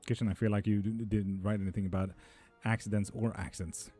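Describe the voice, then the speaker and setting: A man's voice: fairly low pitch, little pitch movement, fairly quick, warm tone, husky, soft background music. A man reading tarot on a live stream, casually reading out chat messages and answering them offhand.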